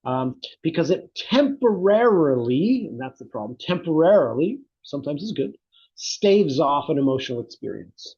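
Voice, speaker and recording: A man's voice: fairly high pitch, sing-song, normal speed, darkish tone, breathy edge, highs cut off. A middle-aged man, a psychotherapy researcher, speaking reflectively in an interview and telling stories with animation. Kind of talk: conversational interview.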